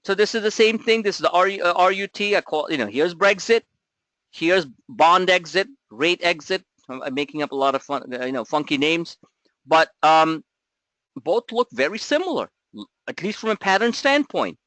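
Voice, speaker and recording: High, bright-voiced blunt male trading coach. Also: lively intonation, moderate pace, no room sound. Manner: blunt, emphatic, full of rhetorical questions; casual swearing. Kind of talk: live market commentary webinar.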